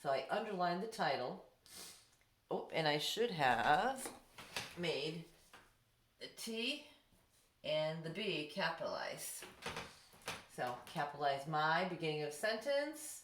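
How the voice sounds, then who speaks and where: A middle-aged woman teaching a recorded class lesson from home, patient and sounding words out slowly for young pupils. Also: lowish voice. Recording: echoey room.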